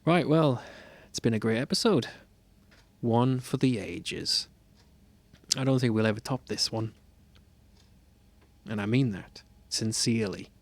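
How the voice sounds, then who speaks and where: A man's voice: medium pitch, measured pace, creaky, pauses often, no echo. A man co-hosting a comedy podcast, trading jokey banter and playing up mock indignation. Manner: mock-indignant, stumbles over a tongue-twister sign-off. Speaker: podcast co-host.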